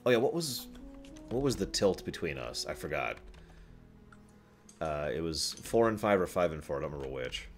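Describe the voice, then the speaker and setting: A man's voice: a bass voice, sing-song, moderate pace, long pauses, faint music behind. A man playing a tabletop role-playing game, chatting casually and thinking aloud with many restarts.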